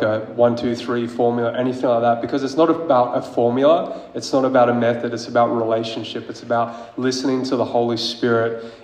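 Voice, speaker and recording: A man's voice: mid-range voice, a little mellow. A man preaching in a church, telling healing stories informally and moving into fervent prayer. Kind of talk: sermon with testimony and prayer. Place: church hall. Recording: echoey hall reverb.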